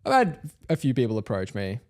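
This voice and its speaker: Animated, foul-mouthed Australian young man. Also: medium pitch, brisk. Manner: animated, swears a lot, lots of "like". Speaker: podcast co-host. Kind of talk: casual storytelling chat.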